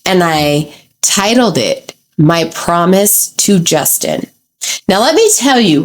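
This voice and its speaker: Slow, low-voiced woman confessing candidly. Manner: candid and raw, with asides like "let me tell you" and "okay?". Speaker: podcast host. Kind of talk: confessional solo podcast monologue.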